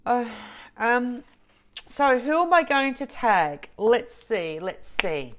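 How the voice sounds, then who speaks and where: A woman vlogger chatting to camera, slow and halting with restarts and soft laughs, teary and emotional. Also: on the high side, very animated, slight background noise. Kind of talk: emotional casual chat to camera.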